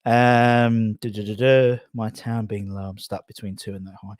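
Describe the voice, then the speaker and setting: A man's voice: lowish voice, level tone, moderate pace, dry recording, clean studio sound. Breathless chatty English man streaming. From England. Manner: rambling, chatty, reads out viewer comments. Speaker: live stream host. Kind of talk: casual live stream chat. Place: garage.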